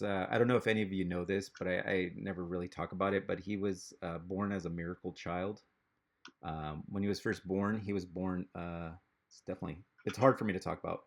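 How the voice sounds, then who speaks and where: Male comic, low gravelly voice, halting stand-up delivery over a video call. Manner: rambling, halting delivery with many fillers. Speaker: stand-up comedian.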